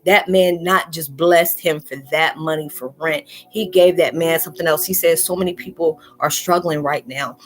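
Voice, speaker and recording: A woman's voice: low voice, steady tone, normal speed, hardly any pauses. A woman vlogger talking earnestly and emotionally in a loose, rambling monologue, acting out the people she quotes. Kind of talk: heartfelt monologue to camera.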